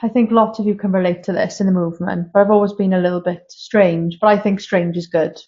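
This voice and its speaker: Filmed live in a castle room with slightly dull lo-fi sound, this guest medium in her thirties speaks fast in a darkish, mid-range voice with fairly even intonation. The casual interview has her telling candid, emotional stories from her own life.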